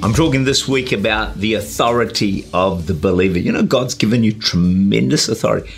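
Gravelly New man preaching. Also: fairly low pitch, fairly quick, soft background music. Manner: earnest, exhorting, with frequent 'uh' and 'you know'. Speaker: pastor and radio preacher. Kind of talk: sermon. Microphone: camera-recorded sermon.

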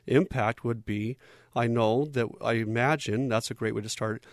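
A man's voice: medium pitch, fairly even intonation, normal speed, no room sound, clean studio sound. A man giving an instructional talk in a conversational way, often checking in with his listeners. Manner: conversational, checks in with "okay?" and "right?".

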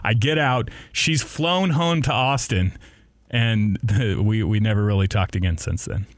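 A lowish voice, a little slow and echo-free, belongs to a young man who hosts radio. Telling a story on a relaxed podcast, he laughs frequently and performs the voices of the people in it.

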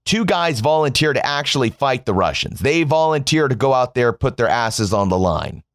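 A man's voice: medium pitch, very animated, normal speed, fairly bright tone, dry recording, clean studio sound. An American man giving a sarcastic, profane commentary monologue to his viewers, whom he calls "folks.". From United States. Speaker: political commentator.

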